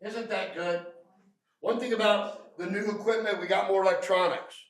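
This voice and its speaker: A man with a Southern American accent running a lively training session, joking and quizzing his audience. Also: sits high, normal speed. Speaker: refrigeration trainer. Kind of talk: lively live training talk. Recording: echoey room, mic at a distance.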